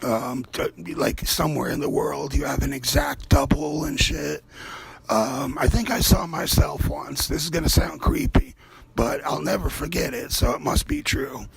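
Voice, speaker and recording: The host of his own art show paints while delivering a loose, profane monologue in a fairly high, gravelly voice. He's expressive and talks at normal speed, cursing freely and drifting between topics, with faint music behind him.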